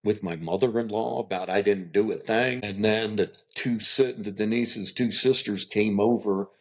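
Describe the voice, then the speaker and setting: Middle-aged man, husky low voice, animated storyteller, dull lo-fi sound. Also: moderate pace. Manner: animated storyteller acting out quotes. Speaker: guest. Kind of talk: storytelling in a podcast interview. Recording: dull lo-fi recording.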